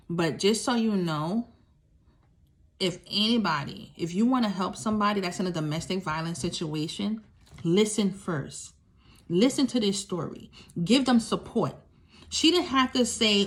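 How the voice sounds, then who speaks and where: A woman's voice: medium pitch, moderate pace. A young woman, a survivor of domestic violence, tells her story to listeners in candid, emphatic talk, repeating key phrases and speaking straight to them.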